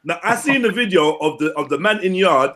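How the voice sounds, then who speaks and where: A man's voice: high voice, expressive, brisk, bright, forceful tone. A young man, bantering crudely and animatedly, swearing and laughing often on a stream. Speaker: stream co-host.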